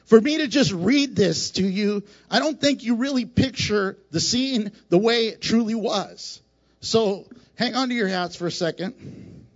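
High-voiced emphatic pastor. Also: male voice, measured pace, muffled recording. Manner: emphatic and repetitive, asks the congregation questions, laughs at his own jokes. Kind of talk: animated sermon with acted-out scenes. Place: church.

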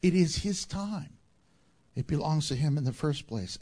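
Slow, high-voiced preaching man. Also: lively intonation. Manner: preaching with wide swings between loud and hushed. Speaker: pastor. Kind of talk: sermon.

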